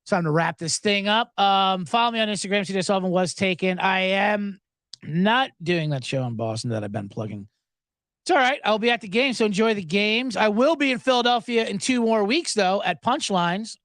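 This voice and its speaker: A comedian hosting a podcast tells a story in an animated, exasperated way. His pitch swoops up and down as he riffs. The recording is close and dry. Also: normal speed, no echo. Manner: animated, exasperated riffing with swearing.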